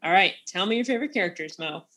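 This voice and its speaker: A woman's voice: on the low side, animated, fast talker, fairly bright tone. Playful woman podcast co-host. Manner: playful, laughs often. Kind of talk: casual book chat.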